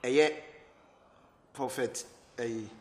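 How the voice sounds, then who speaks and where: A man's voice: mid-range voice, very slow, darkish tone, echoey room. A man interviewing a guest, probing and repeating his questions. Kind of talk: casual interview.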